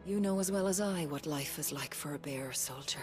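A woman's voice: deep voice, fairly quick, lightly acted. An actress voicing a weary woman army physician in a video game, speaking in a grave, earnest way. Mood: somber. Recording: game audio with music behind.

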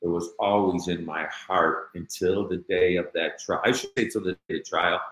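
Low-voiced blunt man telling his story. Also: steady tone, moderate pace, a bit bright, echoey room, low-quality recording. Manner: blunt street-talking, many "you know" fillers. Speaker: guest. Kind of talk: personal storytelling in an interview.

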